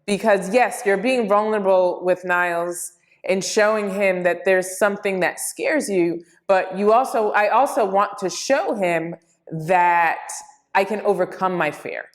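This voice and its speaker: A woman in her forties telling a personal story in a conversational, reflective way, lively when she retells moments. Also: medium pitch, measured pace. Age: 40s. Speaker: speaker.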